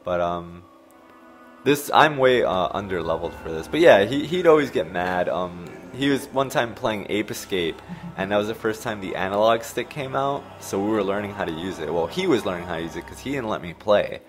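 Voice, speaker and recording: Man in his 30s, lowish voice, casual rambling storyteller who laughs a lot, faint game music behind. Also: expressive, moderate pace. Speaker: gameplay commentator. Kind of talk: casual storytelling over gameplay.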